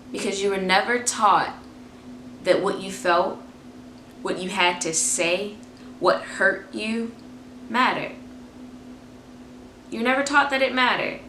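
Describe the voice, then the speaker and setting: Woman in her 20s, vlogger giving an emphatic faith-based pep talk, crisp bright tone, roomy echo. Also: mid-range voice, takes it slowly, pauses often, a little hiss or hum. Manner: emphatic, repeats phrases for effect. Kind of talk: motivational talk to camera.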